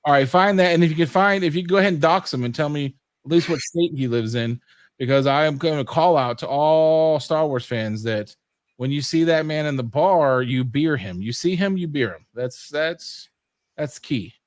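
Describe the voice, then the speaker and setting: Male podcast host, animated and profane, somewhat high voice, dry close mic. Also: moderate pace, dry recording. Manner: animated, swears freely, acts out quotes. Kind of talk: casual chat.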